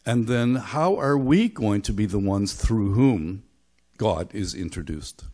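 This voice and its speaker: A man's voice: fairly low pitch, lively intonation, slow, a little mellow. A middle-aged or older man from Belfast giving a sermon as pastor, speaking thoughtfully with frequent halts and restarts. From Belfast, Northern Ireland. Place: church.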